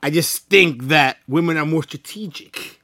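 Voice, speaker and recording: Male co-host: high, animated, bantering, dry close sound. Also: unhurried, no room sound. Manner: animated, loud, laughs often, slangy. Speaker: podcast co-host. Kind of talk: casual podcast banter.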